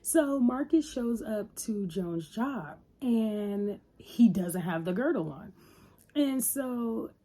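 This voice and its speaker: A woman's voice: fairly high pitch, animated, slow pace, warm tone. A woman casually recapping a TV episode in a loose, chatty retelling. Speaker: TV reviewer.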